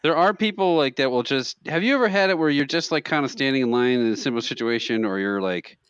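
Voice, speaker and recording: A man co-hosts a casual comedic podcast. His pitch swings widely as he acts out quotes in loud, lively bursts. The recording is dry and a bit dull, like a close home mic. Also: fast, clear, resonant tone, dry recording. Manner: animated storyteller, acts out quotes loudly. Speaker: podcast co-host.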